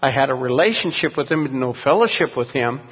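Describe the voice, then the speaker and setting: An older man who is a pastor, telling his story earnestly, halting with many restarts. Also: mid-range voice, lively intonation, breathy edge. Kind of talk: testimony in an interview. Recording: dull recording in a long-echo room.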